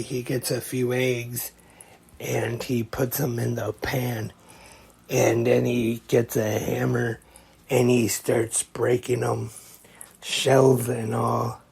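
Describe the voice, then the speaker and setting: A man's voice: medium pitch, creaky, darkish tone, slightly rough. A man hosting a podcast, retelling a comedy short scene by scene in a plain, casual way. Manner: slow, plain play-by-play retelling. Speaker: podcast host.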